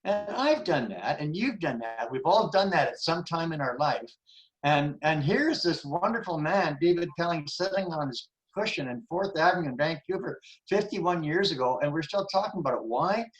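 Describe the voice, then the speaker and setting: A man's voice: on the high side, lively intonation, moderate pace, low-quality recording. A man in his seventies sharing an earnest, rambling reflection in a group discussion, full of restarts. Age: 70s. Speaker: forum participant.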